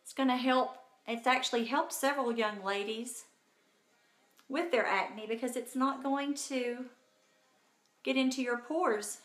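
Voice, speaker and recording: A woman hosts a casual live makeup tutorial, bubbly and chatty as she greets viewers by name. Her voice sits a little high and she takes her time. It is caught on a phone in an echoey room at home. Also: unhurried, fairly bright tone.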